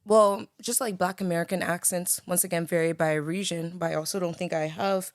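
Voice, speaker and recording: A woman's voice: on the low side, fairly even intonation, a little fast, no room sound, studio quality. A young woman from the Bahamas with a light Bahamian accent, chatting as a podcast guest and filling her talk with "like" and "you know". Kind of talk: casual conversation.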